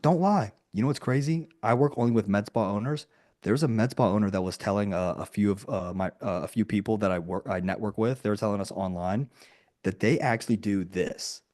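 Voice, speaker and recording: A man coaching a group over a video call in a slightly low voice. He talks with punch and keeps asking rhetorical questions. He acts out imagined conversations with bright, raised voices. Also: brisk. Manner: energetic, emphatic, fires rhetorical questions; acts out quoted lines in sudden higher voices. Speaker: marketing coach.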